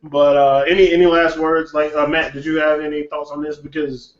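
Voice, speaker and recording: Podcast host, man, blunt and opinionated, slightly high, lo-fi echoey room. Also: level tone, brisk. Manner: opinionated, blunt, swears, laughs often. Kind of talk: casual hip hop podcast chat.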